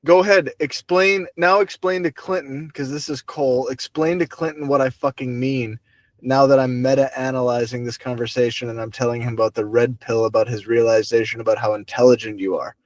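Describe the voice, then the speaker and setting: A man's voice: mid-range voice, fairly quick, dry recording. Young male host, casual banter, eager and repetitive, dry room. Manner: excitable, stammering restarts, swearing. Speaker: podcast host.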